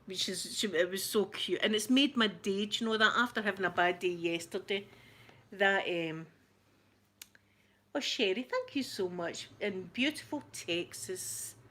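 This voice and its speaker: The Scottish ASMR channel host has a bright, forceful tone at medium pitch, talking a little slowly. She rambles casually to viewers on her live stream and laughs often.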